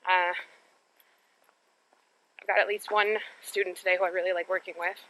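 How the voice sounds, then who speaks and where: A woman's voice: on the low side, little pitch movement, normal speed, sharp tone, a little hiss or hum, low-quality recording. A young woman chatting to her handheld camera while walking on residential streets, telling a frank, exasperated story in a casual vlog. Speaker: vlogger.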